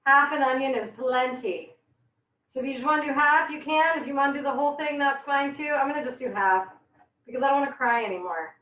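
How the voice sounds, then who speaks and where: In a live online cooking class, the young instructor speaks a little fast in a high-sitting voice. Her eyes water from onions as she chats, laughs, and exclaims often, and the recording sounds echoey, distant, and like a phone.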